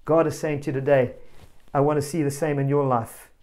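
A male preacher giving a family sermon, telling a story with animated energy and calling out directly to children and parents. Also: fairly high pitch, brisk. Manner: animated storyteller, rising to loud exclamations.

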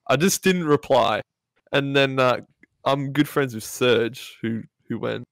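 A young man co-hosting a podcast in casual chat, laid-back and quick to swear. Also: medium pitch, gravelly, a bit bright, dry recording, studio quality. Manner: laid-back, swears often, reacts with short interjections. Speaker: podcast co-host.

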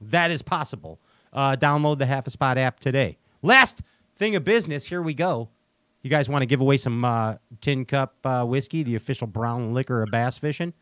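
A man's voice: mid-range voice, normal speed, fairly bright tone, smooth, no room sound, studio quality. A man hosting a fishing talk show, rambling and joking with lots of fillers. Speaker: podcast host. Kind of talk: casual chat.

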